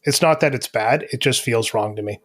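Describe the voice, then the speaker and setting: A man with a mid-range voice chats as a podcast guest, laid-back and quick to joke. He talks with plenty of ums and uhs. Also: mid-range voice, fairly bright tone. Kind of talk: casual chat.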